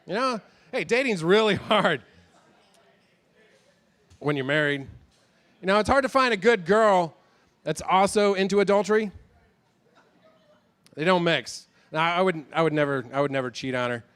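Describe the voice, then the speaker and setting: A man's voice: high-pitched, moderate pace, long pauses, fairly bright tone, clean tone. Rambling self-deprecating male stand-up comic. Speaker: stand-up comedian. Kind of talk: stand-up set.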